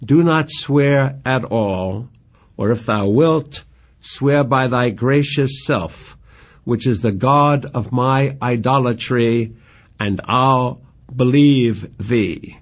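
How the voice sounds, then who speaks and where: A man reading Juliet, an earnest young woman in love, in slow tender verse recitation. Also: mid-range voice.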